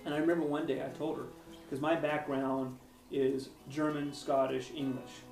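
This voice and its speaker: A man's voice: a little high, little pitch movement, normal speed, creaky, darkish tone. A man being interviewed, recounting personal stories in a rambling, hesitant way. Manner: rambling, hesitant with frequent restarts. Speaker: author interviewee. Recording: roomy, distant mic with faint music.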